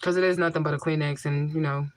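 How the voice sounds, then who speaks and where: A woman's voice: deep voice, steady tone, fast talker, no echo. A woman hosting a casual livestream, blunt and repetitive for emphasis, answering viewer comments into a mic with a homemade tissue filter. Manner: blunt, repeats herself for emphasis. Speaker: livestream host.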